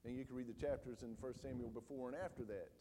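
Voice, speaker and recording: A man preaching a sermon emphatically, pushing some lines up loud and dropping others low and quiet. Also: fairly even intonation, quick pace, a little hiss or hum. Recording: long hall reverb.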